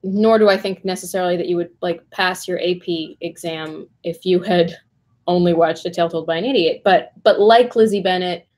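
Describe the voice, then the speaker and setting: A woman's voice: fairly low pitch, normal speed. A woman co-hosting a livestream, talking casually and chattily with frequent ums and restarts. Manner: chatty, lots of fillers and restarts, lively. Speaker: co-host.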